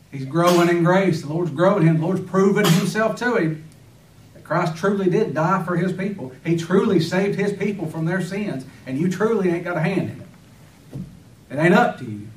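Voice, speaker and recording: A man's voice: fairly high pitch, moderate pace, a little hiss or hum. A man preaching a sermon with fervor, firing rhetorical questions and breaking into sudden emphatic bursts. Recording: echoey room, voice from far off.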